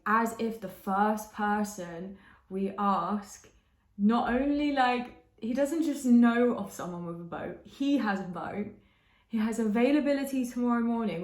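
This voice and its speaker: A woman's voice: medium pitch, a little mellow, echoey room, rough recording. A young woman telling a story in casual vlog chat, filling her talk with "like" and laughing often. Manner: chatty, heavy use of "like", laughs often. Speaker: vlogger.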